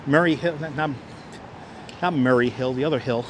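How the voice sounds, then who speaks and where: At a normal speed and in a mid-range voice, a man hosts a casual livestream while walking outdoors on city streets, with background noise present. He speaks on a wireless clip-on mic, restarts phrases, and thanks viewers as he goes.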